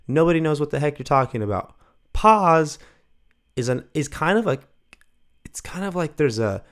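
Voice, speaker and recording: A man giving a casual employee training talk on coaching gymnastics, animated and acting out the lines he quotes. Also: on the high side.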